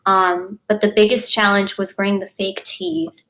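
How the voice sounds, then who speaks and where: A young actress answering interview questions in a bubbly, chatty way, full of "like" and "um" and quick laughs. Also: female voice, mid-range voice, animated, a bit bright, rough recording. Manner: bubbly, frequent 'like' and 'um', laughs often. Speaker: actress guest. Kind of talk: casual interview.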